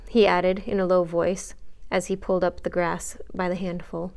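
A woman librarian reading a chapter book aloud for story time, with a steady, clear reading voice. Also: lowish voice, normal speed. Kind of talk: storytime read-aloud narration.

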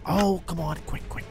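A man narrating his own game roleplay in an excitable way, often yelping and panicking as things chase him. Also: mid-range voice. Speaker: gamer doing a roleplay. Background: game music.

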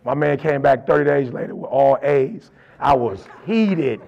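A man's voice: medium pitch, lively intonation, unhurried, gravelly, darkish tone, highs cut off. A middle-aged man and motivational speaker, telling stories in a colloquial, emphatic way. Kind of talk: storytelling motivational talk.

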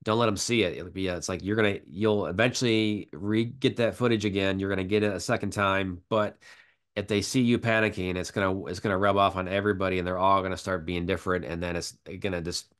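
A man with a low, smooth voice chats in an interview. He rambles loosely through his stories and keeps restarting sentences. His tone stays relaxed and conversational. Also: fast. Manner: rambling, many fillers and restarts. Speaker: guest, filmmaker. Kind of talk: casual storytelling interview.

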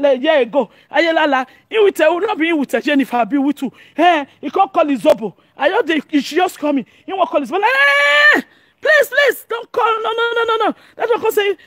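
An online commentator, a Nigerian woman from Edo, delivers an animated, excitable monologue, often shouting and laughing. Her voice is high-pitched, and the studio-quality recording has no echo.

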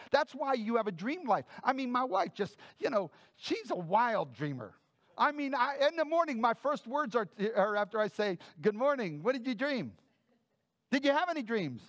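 A man's voice: very high voice, big pitch swings, normal speed, fairly bright tone, dry recording. A male pastor preaching a conversational sermon, reading Bible verses aloud and explaining them with asides to the congregation. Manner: conversational preaching with frequent "folks" and "okay?" asides.

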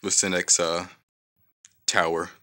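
A man giving profane, trash-talking commentary over his own gameplay, reacting loudly to each fight. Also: low-pitched, level tone, takes it slowly. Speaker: gaming channel host. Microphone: off-camera voice-only mic.

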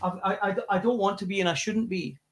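A Scottish man with a high, bright speaking voice talks as a guest in a casual interview. He is a rock singer and spins lively anecdotes, tripping over restarts and repeating words as he goes. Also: fairly quick, over a noisy crowd. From Scotland.

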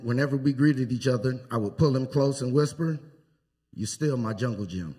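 Man delivering a church eulogy, husky voice, anecdotal and unhurried. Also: mid-range voice. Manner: anecdotal storytelling with pauses. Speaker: eulogy speaker. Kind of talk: funeral eulogy. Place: church sanctuary.

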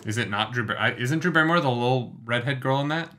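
A man's voice: medium pitch, quick pace, sharp tone, a little hiss or hum. A man hosting a casual reaction video, chatty and joking with his co-host.

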